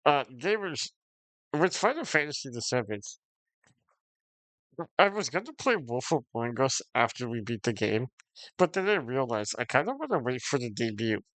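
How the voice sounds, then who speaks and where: A man's voice: medium pitch, big pitch swings, moderate pace, a bit bright, no room sound. A man streaming games, ranting casually to his chat, swearing often, frustrated, and breaking into short laughs. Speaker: game streamer.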